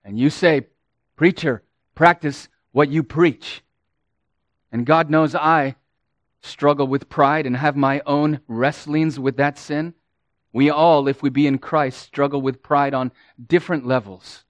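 A man preaching a sermon as pastor, slow and emphatic, rising and falling in volume for emphasis. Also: a little high, steady tone, dry recording.

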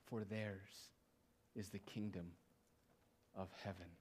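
A male preacher delivering a sermon, drawing out quiet phrases slowly and then rising to loud, emphatic declarations. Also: on the low side. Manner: swings between hushed, drawn-out phrases and loud emphatic declarations.

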